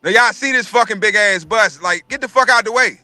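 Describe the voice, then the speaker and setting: A man's voice: high-pitched, fairly quick, dry recording, soft background music. A man around forty, telling a profane story in casual chat and acting out every voice. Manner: profane, animated, acts out every voice.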